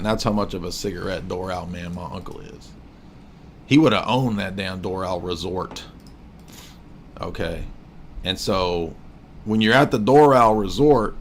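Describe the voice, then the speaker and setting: A man's voice: fairly low pitch, a little hiss or hum. A man in his forties hosting a livestream, casually mocking what he watches in a rambling, joking way. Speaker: livestream host.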